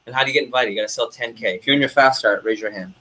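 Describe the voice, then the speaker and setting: A young man, a sales division manager, speaking to a room of reps in a lively motivational meeting, full of quick asides. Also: mid-range voice.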